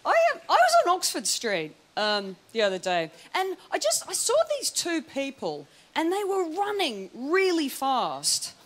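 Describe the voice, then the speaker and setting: A woman's voice: sits high, huge pitch swings, measured pace, few pauses. An Australian woman performing a stand-up comedy set, chatty and rambling with plenty of ums. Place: TV studio stage before a live audience. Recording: loud studio audience laughter.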